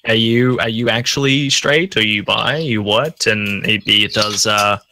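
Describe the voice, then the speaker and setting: A man's voice: lowish voice, unhurried, bright, forceful tone, a little hiss or hum. A man in a casual livestream chat, hesitant, restarting his sentences and laughing easily.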